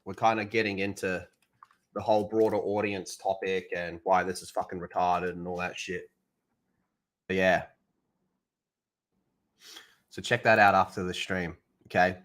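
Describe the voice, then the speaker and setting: A man's voice: deep voice, flat delivery, unhurried, pauses often, a bit bright. A man streaming alone, ranting heatedly with lots of swearing. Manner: heated, profane, sarcastic ranting. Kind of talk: livestream rant.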